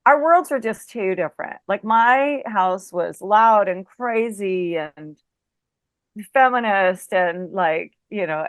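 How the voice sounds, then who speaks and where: A woman's voice: mid-range voice, a bit bright, clear, resonant tone, no room sound. A middle-aged woman, an interview guest, telling a story in casual chat with plenty of "like" and "you know" and acting out the lines she quotes. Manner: chatty, lots of fillers like "like" and "you know".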